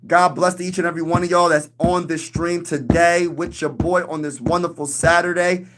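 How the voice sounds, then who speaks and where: A man's voice: fairly high pitch, flat delivery, moderate pace, fairly bright tone. A young man hosting a casual sports livestream, reading chat comments aloud and trash-talking other teams. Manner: hypes, reads and answers chat comments, talks trash.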